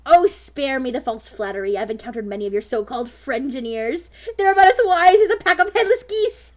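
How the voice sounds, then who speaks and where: A man's voice: extremely high pitch, lively intonation, fairly quick, darkish tone. A text-to-speech voice playing a snobbish male robot fish doctor who talks in a pompous, condescending way. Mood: haughty. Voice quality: clipped, haughty, condescending.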